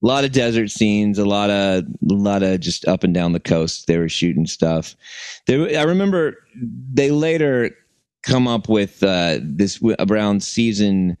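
A man's voice: on the low side, lively intonation, measured pace, a little mellow, smooth, no room sound. A man co-hosting a podcast, chatting casually and rambling with many restarts. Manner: rambling, lots of restarts and fillers. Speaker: podcast co-host. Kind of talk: casual chat.

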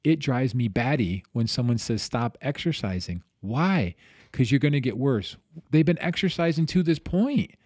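Here the same kind of guest, a middle-aged physical therapist on a podcast, tells stories casually with a husky, mid-range voice at normal speed. He's animated, imitates the voices he quotes, and keeps restarting his sentences. The studio audio is clean with no echo.

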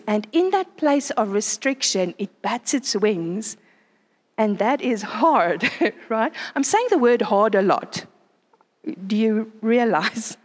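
A woman preaching at a conference in an animated way, often asking her listeners rhetorical questions. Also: fairly high pitch, big-room sound. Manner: animated, asks the crowd frequent rhetorical questions. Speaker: conference speaker. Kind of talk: sermon. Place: conference venue.

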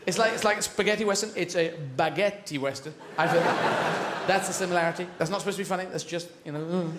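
A man's voice: high voice, quick pace, very noisy. A man doing a stand-up comedy routine on a live stage, rambling playfully and slipping into silly voices and sound effects. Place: live theatre stage with audience. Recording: roomy live stage recording.

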